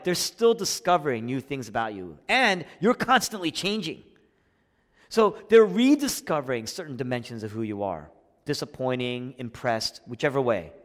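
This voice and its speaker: A man preaching a sermon as a pastor, swinging between hushed, intimate lines and rising, emphatic passages. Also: medium pitch. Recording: long hall reverb.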